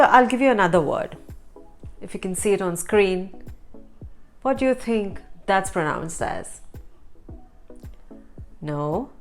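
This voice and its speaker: A woman from India hosting an online language lesson, repeating words slowly and quizzing the viewer. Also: mid-range voice. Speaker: language teacher and channel host.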